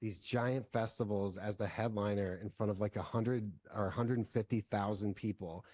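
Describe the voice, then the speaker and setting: A filmmaker guest in a casual interview, telling long stories with lots of "like" fillers. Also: male voice, lowish voice, fairly even intonation, moderate pace, a little mellow, dry recording, clean studio sound. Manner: rambling, heavy use of "like" fillers.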